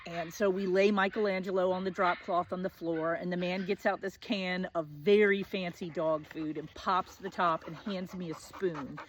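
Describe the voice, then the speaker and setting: A woman's voice: lowish voice, fairly even intonation, normal speed, few pauses, a little hiss or hum. A woman in her forties telling a personal story in a vivid, self-mocking, conversational way, full of "like" asides. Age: 40s.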